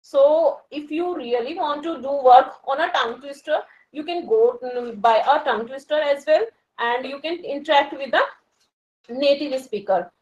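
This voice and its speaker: A woman's voice: sits high, moderate pace, muffled recording. A woman from India with an Indian English accent, a working professional talking casually and hesitantly, with many fillers and restarts. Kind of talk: casual conversation about learning English.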